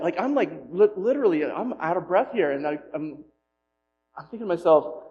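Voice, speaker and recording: A man telling a personal story as a pastor in a sermon, with self-deprecating humor and animated retelling. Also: a little high, a little fast, dull audio.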